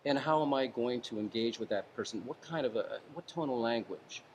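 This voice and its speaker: A man with a mid-pitched voice gives advice in an interview, calm and deliberate. He shifts his tone and leans on pauses for effect. A faint noise sits under the recording. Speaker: interview guest, former hostage negotiator.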